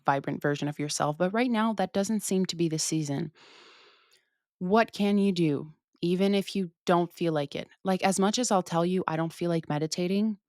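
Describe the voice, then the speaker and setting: A woman's voice: on the low side, no echo. Chatty young woman, dry close sound. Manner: chatty, frequent cursing, acts out her own inner voice. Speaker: podcast host. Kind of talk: casual solo chat.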